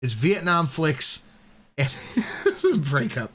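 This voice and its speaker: A man's voice: a little high, huge pitch swings, drawn-out words, a bit bright, slight background noise. A man streaming casual, profane commentary, rambling and laughing often as he reacts to a video.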